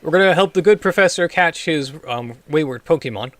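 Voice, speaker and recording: Man, let's-play commentary, dry wry asides, low-key, lively pitch, faint game music. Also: brisk, few pauses, no room sound. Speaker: gaming YouTuber.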